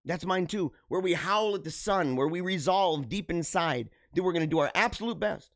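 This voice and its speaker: A middle-aged man hosting a live show, talking earnestly and haltingly to his viewers, often repeating himself and restarting phrases. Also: sits high, animated, vocal fry, no room sound, studio quality. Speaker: livestream show host. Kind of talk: emotional personal monologue to viewers.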